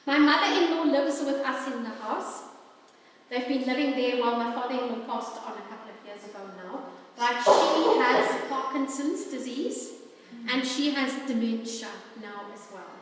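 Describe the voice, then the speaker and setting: A woman presents a workshop to an audience, talking in a warm, chatty, playfully animated way. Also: high voice, a little hiss or hum. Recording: echoey hall from far off.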